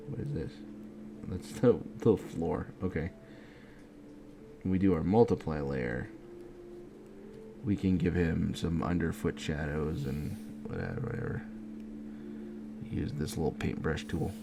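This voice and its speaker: At midnight in his home art setup, a video creator draws and rambles casually, sleepy and yawning, muttering half to himself in a relaxed way. His voice is low with vocal fry, and noticeable background noise fills the recording.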